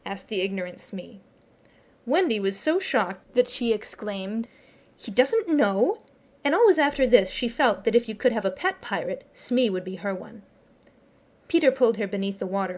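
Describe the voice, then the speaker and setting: A woman narrating a storybook audiobook with expressive, lively storytelling. Her voice sits at a medium pitch. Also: moderate pace. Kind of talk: scripted narration.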